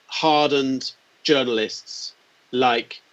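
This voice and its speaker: A man in his forties telling animated anecdotes as an interview guest, acting out the quotes. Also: mid-range voice, very slow. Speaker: guest, company founder. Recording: dull lo-fi sound.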